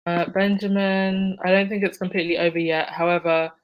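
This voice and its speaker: A woman's voice: on the low side, little pitch movement, a little fast, dull audio. Chatty woman hosting a live chat. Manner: chatty, laughs often, addresses viewers by name. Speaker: livestream host reading chat. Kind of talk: casual live chat commentary.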